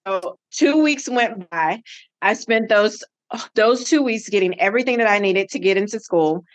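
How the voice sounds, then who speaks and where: A middle-aged woman, a podcast guest, telling a personal story with lively acted-out dialogue. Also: medium pitch, moderate pace. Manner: animated, acts out quoted dialogue.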